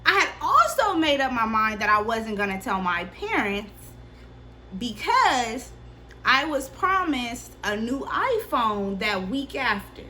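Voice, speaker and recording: Young woman, vlogger, candid swearing storyteller, raised pitch, bright tense tone. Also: slow, slight background noise. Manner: candid, profane, animated storytelling. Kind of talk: casual storytime.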